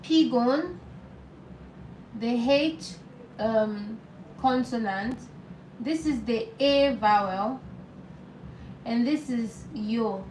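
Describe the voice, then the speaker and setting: A woman teaching a live online beginner lesson, patient and repeating words slowly for learners. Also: fairly high pitch, darkish tone, roomy sound, far from the mic, a little hiss or hum, low-quality recording. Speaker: language teacher.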